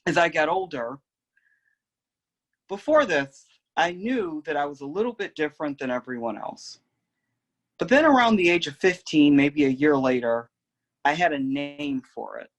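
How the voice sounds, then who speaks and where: A man's voice: fairly high pitch, expressive, moderate pace, long pauses. Reflective young man telling a story. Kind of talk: personal oral history storytelling.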